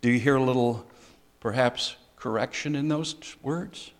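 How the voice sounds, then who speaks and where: An older man preaching a sermon as a pastor, conversational, with dry humor and pauses. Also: medium pitch.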